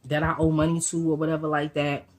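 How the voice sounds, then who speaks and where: A woman voicing her laid-back young boyfriend, casual and slangy, who smooth-talks to reassure. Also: low-pitched, little pitch movement, fast talker. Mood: serious.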